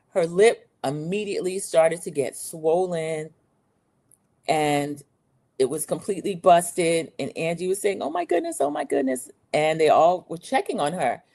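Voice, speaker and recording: A woman's voice: lowish voice, a little mellow. A middle-aged woman hosting a casual, opinionated reality TV recap, chatty and eager to share her own views. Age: Gen X, 40s to 50s. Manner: chatty and opinionated, acts out quotes in a raised voice.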